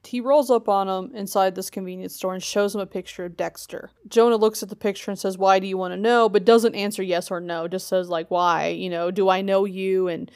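A woman co-hosting a podcast, giving a steady plot summary from her notes in a casual tone. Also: medium pitch, brisk, hardly any pauses, no room sound, clean studio sound. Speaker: podcast co-host. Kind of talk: casual recap narration.

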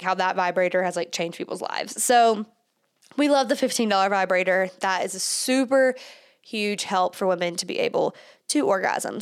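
A woman's voice: fairly high pitch, smooth. Chatty young woman podcast host. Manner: chatty, filler-heavy with frequent "like" and "you know". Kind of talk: casual solo podcast talk.

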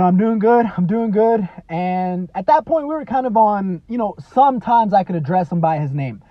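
A man's voice: sits high, dry recording. A man in his thirties hosting a podcast, talking earnestly in a motivational monologue, leaning on "you know" and "man" and repeating himself for emphasis. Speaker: podcast host. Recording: dry, slightly dull lo-fi podcast audio.

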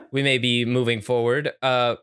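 A man's voice: medium pitch, flat delivery, unhurried, a bit bright, clean tone. A man co-hosting a podcast, playful and teasing in casual banter, laughing often. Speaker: podcast co-host.

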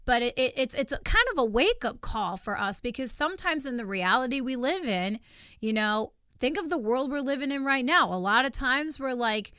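Emphatic higher-voiced woman preaching. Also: animated, moderate pace, bright, forceful tone, smooth, no room sound. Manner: emphatic, preachy, repeats words when starting sentences. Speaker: co-host of a Christian podcast. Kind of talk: faith-based conversational teaching.

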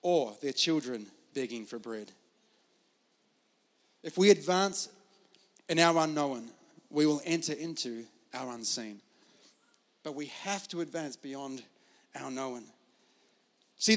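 A man with an Australian accent and a fairly high, slightly bright voice preaches a sermon as a pastor. He tells stories in a casual, chatty way, packed with fillers.

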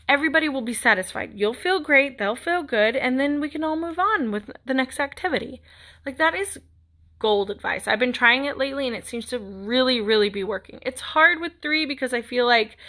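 A woman's voice: fairly high pitch, sharp tone. A young woman hosting a podcast, talking in a candid, rambling, encouraging way with many "like" fillers. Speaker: podcast host. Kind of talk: casual motivational monologue.

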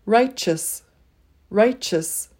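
A woman leading a pronunciation drill, saying each word twice and pausing so listeners can repeat. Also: medium pitch, a little mellow. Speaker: pronunciation teacher.

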